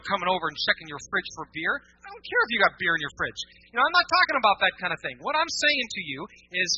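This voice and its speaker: Lively conversational preacher, bright husky voice. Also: male voice, a little high, no echo. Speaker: pastor. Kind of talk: sermon. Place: church. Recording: dull lo-fi church recording.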